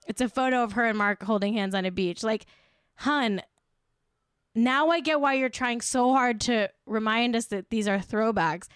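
A woman's voice: on the high side, measured pace, clear, resonant tone, dry recording. Sarcastic woman host, dry close sound. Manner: mock-solemn, sarcastic, swings between loud outbursts and hushed asides. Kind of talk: sarcastic comedic commentary.

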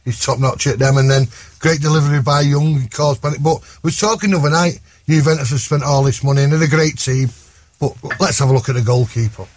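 A man's voice: fairly high pitch, quick pace, a little mellow, no room sound. Blunt man breaking down a match. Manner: blunt, matter-of-fact. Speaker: football pundit guest. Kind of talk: casual match analysis.

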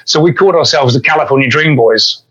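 A man's voice: medium pitch, fast talker, a bit bright, breathy edge. A middle-aged man telling self-deprecating stories as an interview guest, easygoing and anecdotal. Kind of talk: storytelling in an interview. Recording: dull lo-fi line.

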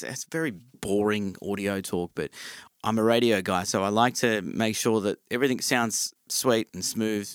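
Chatty Australian podcast host, dry sound. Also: male voice, on the low side, dry recording. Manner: chatty, relaxed, many ums. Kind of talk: casual podcast chat.

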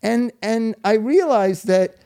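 A man's voice: high voice, lively intonation, takes it slowly, warm tone, smooth. A man telling a long, rambling story in casual chat, laughing often and swearing freely.

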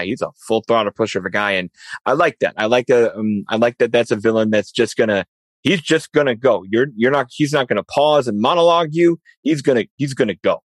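A man co-hosting a film podcast, talking in a relaxed way and repeating phrases. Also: on the low side, no room sound. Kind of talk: casual film discussion.

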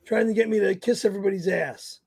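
High gravelly cursing man. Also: fast, no room sound. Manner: cursing, loud complaining. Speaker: guest. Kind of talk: casual comedy podcast chat.

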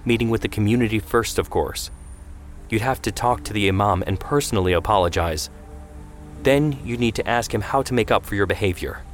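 A man voicing a calm, firm middle-aged mother who speaks in an even, measured way. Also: lowish voice, faint music behind, close to an everyday voice.

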